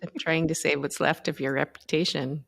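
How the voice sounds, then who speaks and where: A woman's voice: low-pitched, little pitch movement, a little fast, gravelly, fairly bright tone. A woman co-hosting a recap podcast, wry and teasing in casual banter. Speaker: podcast co-host. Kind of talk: casual chat.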